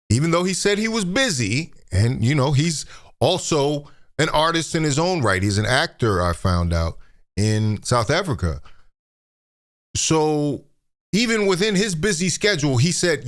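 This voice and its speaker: A man's voice: mid-range voice, a bit bright. A man hosting a celebrity news commentary, talking in a conversational, reflective way straight to his viewers. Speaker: commentary host.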